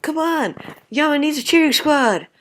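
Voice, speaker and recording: A woman voicing a hyper teenage girl cheerleader who chants in a loud sing-song. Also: on the high side, moderate pace, pitched above the performer's own voice, natural voice. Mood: cheering.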